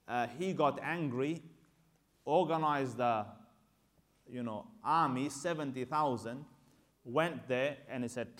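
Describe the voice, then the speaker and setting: A man's voice: medium pitch, unhurried. A male Islamic teacher giving a religious history lecture, telling the story in a conversational way and acting out the dialogue.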